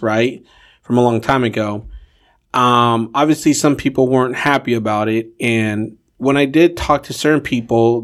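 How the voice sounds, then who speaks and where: A man co-hosting a casual podcast, teasing and rambling with many restarts. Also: medium pitch. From California. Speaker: podcast co-host.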